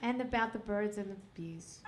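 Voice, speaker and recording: On a club stage, a middle-aged woman delivers a crude, self-mocking stand-up set into a handheld mic. Her voice is mid-range and her pace moderate, and the live recording is full of audience laughter.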